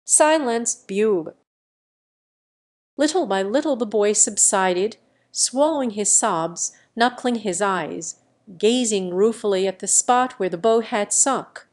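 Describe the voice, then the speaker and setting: Female audiobook narrator, unhurried and even, middle pitch; plain literary reading. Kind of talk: scripted narration.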